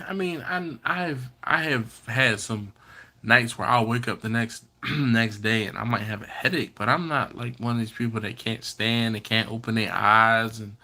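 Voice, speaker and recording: Male stream host, bright voice, casual and teasing while reading chat aloud. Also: mid-range voice. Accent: Maryland. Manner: chatty, reads out viewer comments and teases them. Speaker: BBQ channel host. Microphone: computer or phone setup.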